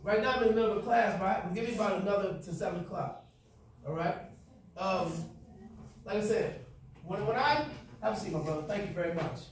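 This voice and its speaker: A man's voice: high voice, brisk, long pauses, a little hiss or hum. A man teaching a class, lecturing with role-play and quizzing students in call-and-response. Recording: echoey classroom from far off.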